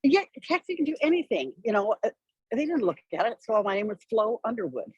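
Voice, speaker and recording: Husky-voiced woman telling a story. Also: a little high, quick pace, dry recording, lo-fi sound. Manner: lively, wry, acts out the people she quotes. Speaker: interview guest. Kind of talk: conversational storytelling.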